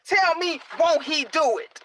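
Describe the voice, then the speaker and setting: Bright-voiced woman live-streaming. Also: high-pitched, a little slow, a little hiss or hum, poor audio. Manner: excited and preachy, encouraging viewers. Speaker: vlogger.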